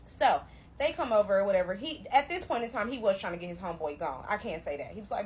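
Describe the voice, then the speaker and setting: Animated young woman telling a story. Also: mid-range voice, fast talker, a little hiss or hum. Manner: animated, emphatic, addresses listeners directly. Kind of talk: storytime narration.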